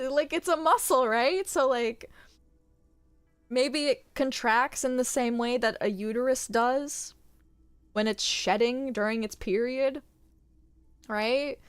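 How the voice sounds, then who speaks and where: A woman's voice: high-pitched, takes it slowly, pauses often, clear, resonant tone, no echo. A young woman streaming a game, chatting casually with candid, crude humor and frequent giggles. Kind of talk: casual gaming stream chat.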